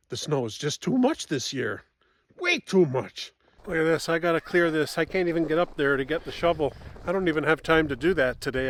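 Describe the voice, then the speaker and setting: Turkeys gobble and other poultry can be heard as a man with a fairly high voice walks his farm, vlogging casually and talking to both the camera and his animals outdoors. The recording is dry.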